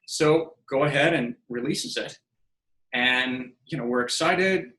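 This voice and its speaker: Taking it slowly, a man in his fifties speaks in a mid-range voice within an echoey room on a low-quality recording. As a podcast guest in a casual storytelling interview, he animatedly acts out whatever dialogue he quotes.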